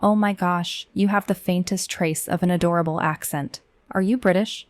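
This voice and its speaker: A bubbly young college girl who gushes and chatters excitedly, read by a woman. The voice is on the low side and recorded dry and close. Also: moderate pace, no echo, close to an everyday voice. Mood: gushing. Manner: gushing and excited.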